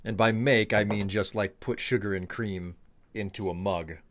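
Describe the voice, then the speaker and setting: A man's voice: fairly low pitch, fairly even intonation, moderate pace, a bit bright, slight background noise. A man streaming a video game live, chatting playfully with viewers and talking to himself as he plays. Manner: chatty, playful, talks to himself while playing. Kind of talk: casual live-stream gameplay commentary.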